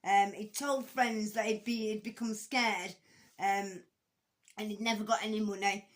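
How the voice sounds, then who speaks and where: A woman's voice: mid-range voice, steady tone, a little slow. A woman commenting casually on a court case, with frequent ums, restarts and blunt, conversational swearing. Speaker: true-crime commentator.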